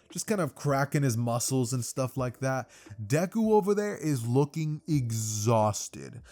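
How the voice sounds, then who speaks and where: A man's voice: medium pitch, a little mellow. A young man casually narrating a fan-fiction story for his channel, rambling with lots of fillers. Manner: loose, filler-heavy, rambling. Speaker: YouTube storyteller.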